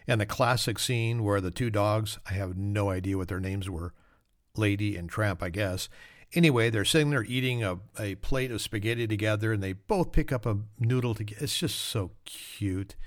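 A man's voice: lowish voice, normal speed, no room sound, studio quality. A man hosting a solo trivia podcast, reading facts with joking, self-mocking asides. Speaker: podcast host.

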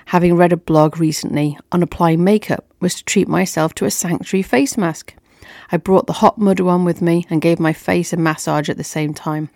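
A woman's voice: fairly low pitch, darkish tone, no room sound, studio quality. A woman telling a personal story on her podcast in an upbeat, chatty way.

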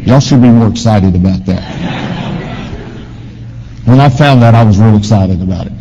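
A man pastor preaching a sermon with emphatic swings in pitch and volume, asking the congregation questions. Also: normal speed, lo-fi sound, background noise. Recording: long hall reverb.

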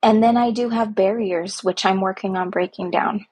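A woman's voice: mid-range voice, steady tone, normal speed, a little mellow, husky. A woman hosting a podcast, speaking earnestly and heartfelt about her own life as a parent, with emphatic repetitions. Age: young adult to middle-aged, a parent. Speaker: podcast host. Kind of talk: personal reflective monologue.

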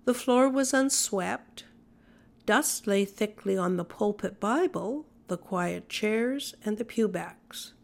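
A woman reading an old-fashioned story aloud in a measured, even storytelling manner. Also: mid-range voice, vocal fry. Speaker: audiobook narrator. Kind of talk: scripted narration.

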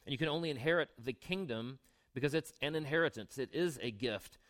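A younger man, a pastor, preaching a sermon in a relaxed, conversational way, mixing scripture readings with asides and questions to the congregation. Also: mid-range voice.

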